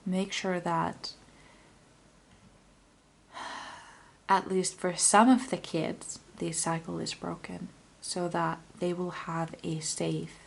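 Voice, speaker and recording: A young woman speaks in a soft, half-whispered way as she gives a pick-a-card tarot reading. Her delivery is slow and rambling, full of fillers. Her voice has a gravelly, creaky edge, with a faint hiss of noise underneath. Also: on the low side.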